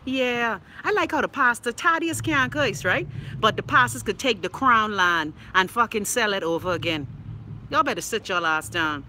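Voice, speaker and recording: A woman's voice: medium pitch, pushed and bright, a little hiss or hum, rough recording. Sassy, profane Bahamian woman host. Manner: sassy, blunt, profane, chatty. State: scratchy throat. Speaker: live-stream host reading viewer comments. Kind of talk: casual live-stream chat.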